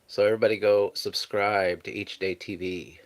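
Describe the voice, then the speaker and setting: A man's voice: on the low side, level tone, moderate pace. A man hosting a casual live stream, chatting easygoingly and thanking viewers as he reads out their messages.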